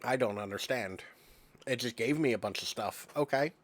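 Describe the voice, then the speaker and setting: A man's voice: medium pitch, moderate pace, no room sound. A man streaming a farming game, chatting casually and rambling with lots of "like" fillers. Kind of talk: casual gameplay chat.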